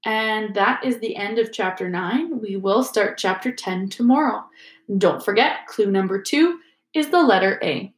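A woman's voice: mid-range voice, unhurried. Woman reading a story aloud, roomy echo. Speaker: reader. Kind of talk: reading a children's book aloud. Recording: echoey room.

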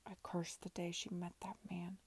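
A woman reading aloud and voicing a weary, bitter gentleman with terse, low, partly whispered lines. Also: monotone, moderate pace, breathy edge.

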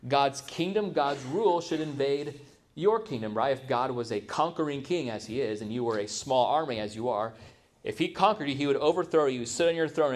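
A middle-aged man preaching a sermon as pastor, talking conversationally, asking the congregation questions and acting out people's excuses. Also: medium pitch. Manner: conversational, asks the audience rhetorical questions; acts out quoted excuses in a mocking voice.

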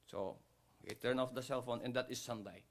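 A middle-aged Filipino man preaching a sermon, mixing English and Tagalog and acting out the people in his story with sudden high voices. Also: fairly even intonation, brisk. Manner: switches between English and Tagalog, acts out dialogue with big pitch jumps. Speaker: pastor.

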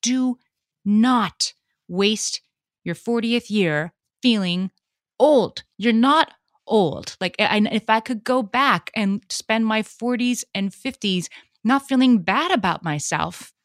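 A woman's voice: fairly high pitch, slow pace, no echo, studio quality. A woman in her late thirties telling stories on a podcast, acting out what others said. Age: 30s. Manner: animated storyteller acting out quotes. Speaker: podcast co-host. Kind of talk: casual storytelling chat.

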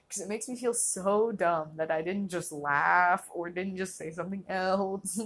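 A woman's voice: fairly low pitch, steady tone, a little slow, a bit bright. A young woman hosting a casual solo podcast, rambling and laughing often, filling her talk with "like". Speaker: podcast host.

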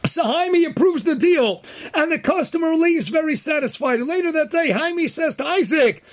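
High-voiced man giving an animated Torah talk. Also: normal speed. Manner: animated, rising to emphatic near-shouts, Yeshivish Hebrew terms. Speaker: host of a daily inspirational talk. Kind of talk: Torah inspiration talk with jokes.

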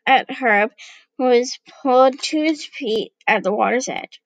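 A woman reading a storybook aloud, unhurried, giving the characters light voices. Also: fairly high pitch, dry recording, lo-fi sound.

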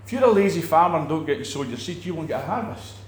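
A man teaching about faith in a relaxed talk, animated, acting out quoted people and restarting his sentences often. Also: a little high, fast, echoey room, slight background noise. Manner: animated, acts out quoted preachers, many restarts. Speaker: preacher.

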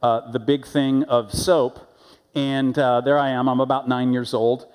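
A man's voice: mid-range voice, measured pace, clear, resonant tone, in a large hall. A man preaching a sermon as a pastor, telling stories in a conversational way and acting out the voices of the people in them. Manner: conversational storytelling with animated quoted voices. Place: church sanctuary.

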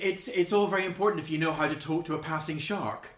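A woman's voice: low-pitched, quick pace. A woman chatting casually about a movie, making dry, wry remarks. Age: older than 27. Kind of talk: casual movie review chat. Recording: echoey room.

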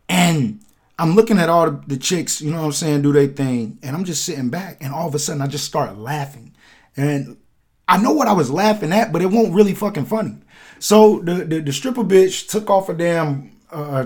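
Chill guy telling a story on a podcast, kinda high voice, slangy and relaxed. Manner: laid-back slangy anecdote with quoted dialogue. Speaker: podcast host. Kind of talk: casual storytelling.

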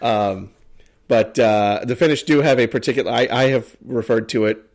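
A man's voice: mid-range voice, normal speed. A man with an American Midwest accent, co-hosting a podcast in casual, rambling, joking chat. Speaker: podcast co-host.

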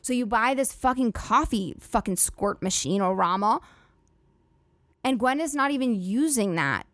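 A woman's voice: a little high, lively intonation, normal speed, fairly bright tone, no echo. Woman doing a solo comedy podcast, swears a ton, rambles, dead dry mic sound. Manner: profane, rambling, filler-heavy "like" talk. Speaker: podcast host.

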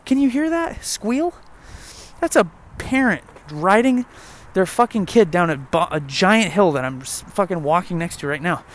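Young guy ranting outdoors on a walk, swears a ton, kinda high voice, jokey and rambly. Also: animated, normal speed, few pauses. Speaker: vlogger. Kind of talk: casual rant while walking. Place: outdoor trail.

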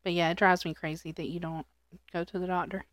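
A woman's voice: on the low side, flat delivery, quick pace, no room sound, clean studio sound. A woman co-hosting a casual podcast, talking in a blunt, teasing and crude way and laughing often. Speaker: podcast co-host. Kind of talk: casual chat.

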